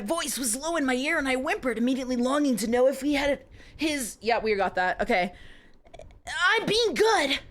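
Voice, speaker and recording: A young woman with a high, very lively voice reads spicy fiction aloud to her stream. She keeps breaking off to giggle and say sorry, and her pitch swoops up and down as she goes.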